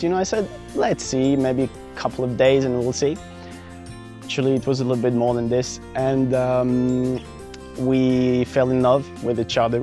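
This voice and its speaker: A young man from France telling a personal travel story in a casual, animated vlog, full of fillers and restarts. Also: medium pitch. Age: young adult. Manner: animated, many fillers and restarts, acts out his own past lines. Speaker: vlogger.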